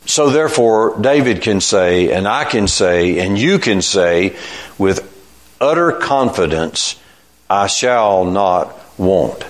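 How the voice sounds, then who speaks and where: Slow, low-voiced older male preacher. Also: very animated. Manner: slow, reflective, with frequent restarts. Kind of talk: informal sermon.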